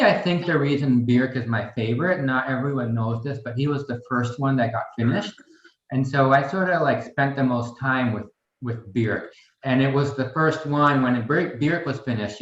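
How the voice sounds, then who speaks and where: A middle-aged man talks as a podcast guest in a casual, rambling way and acts out bits of a joke. His voice sits at an ordinary pitch. It has a roomy echo and a dull, lo-fi sound. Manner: chatty, rambling, telling a joke with acted bits. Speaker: guest, garden vice president. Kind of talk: casual interview chat.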